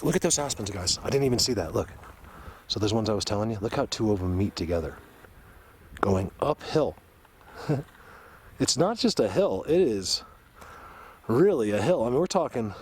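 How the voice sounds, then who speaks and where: A man's voice: fairly low pitch, slight background noise. A man filming himself on a forest hillside, out of breath and insistent as he points things out to viewers. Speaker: vlogger. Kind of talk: outdoor field vlog.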